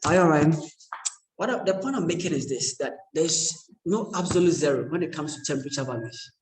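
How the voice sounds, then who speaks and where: A man's voice: on the high side, animated, brisk, slight background noise. Man lecturing in an echoey room. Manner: conversational and joking, constantly checking in with students. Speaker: university lecturer. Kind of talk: classroom lecture. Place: classroom.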